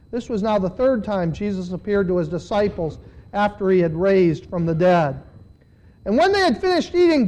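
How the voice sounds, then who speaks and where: A man's voice: high-pitched, low-quality recording. A man preaching a sermon, reading a Bible passage aloud and stopping to comment on it, his voice lifting with emphasis as he reads. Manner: reads scripture with rising, animated emphasis.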